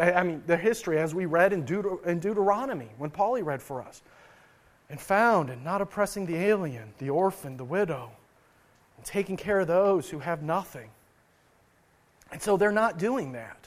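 A pastor preaching a sermon to his church, earnest, often repeating and restarting words, and swinging his loudness for emphasis. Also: sits high.

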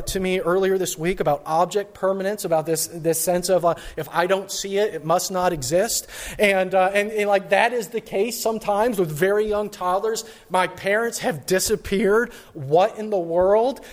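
A man pastor giving a sermon, telling a personal story in a conversational way with frequent restarts. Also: high-pitched.

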